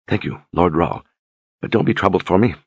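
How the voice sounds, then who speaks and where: A demure young duchess who speaks softly and courteously, as a male narrator reads her, flattering and gentle. The voice sits very deep and husky, recorded close and dry with no room sound. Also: normal speed, no room sound. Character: young noblewoman duchess, soft-spoken and flattering. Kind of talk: audiobook character reading.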